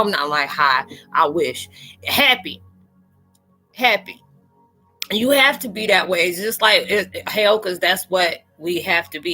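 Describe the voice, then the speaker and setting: Bright-voiced joking woman chatting live. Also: mid-range voice. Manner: playful and joking, slangy, talks straight to her viewers. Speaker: live chat host. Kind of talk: casual live-stream chat.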